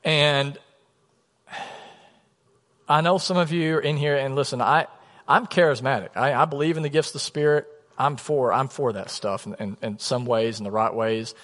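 Male pastor, 30s, storytelling sermon delivery, mid pitch, long church-hall reverb. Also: fairly even intonation, normal speed. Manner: storytelling, conversational, drops to a soft low voice for emphasis. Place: church sanctuary.

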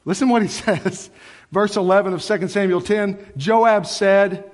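A middle-aged pastor preaches in a high, bright register, carried by a long reverb through the church sanctuary. He tells stories in an animated, conversational way, full of asides to the congregation. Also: a little slow. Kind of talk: sermon.

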